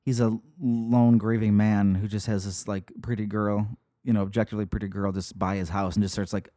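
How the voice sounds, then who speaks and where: A man's voice: on the low side, flat delivery, a little fast, mellow, dry recording, clean studio sound. A man in casual film-review chat, emphatic and full of agreeing fillers.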